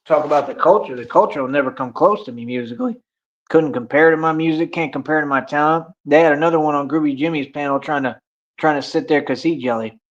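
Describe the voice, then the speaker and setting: Boastful man ranting on a stream. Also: fairly high pitch. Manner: boastful, taunting, slangy. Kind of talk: boastful livestream rant. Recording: echoey room, dull lo-fi stream audio.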